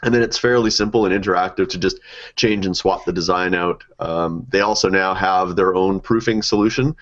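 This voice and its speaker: Low-voiced man hosting a podcast. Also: steady tone, a little fast, a bit bright. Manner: upbeat, chatty, with fillers. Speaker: podcast host. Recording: dull lo-fi audio.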